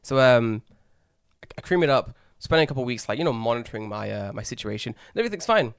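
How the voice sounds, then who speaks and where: A man's voice: mid-range voice, quick pace, creaky, clear, resonant tone, no room sound, clean studio sound. A young man co-hosting a podcast, telling a rambling story in casual chat, swearing often and acting out the people he quotes. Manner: rambling, swears a lot, animated when acting out others. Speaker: podcast co-host.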